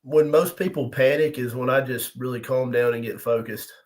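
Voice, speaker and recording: A middle-aged man appears as a guest arm wrestler on a podcast, chatting casually and telling stories. His mid-range voice stays fairly even at a moderate pace, and the audio is poor. He is laid-back, chuckling easily and often restarting his sentences.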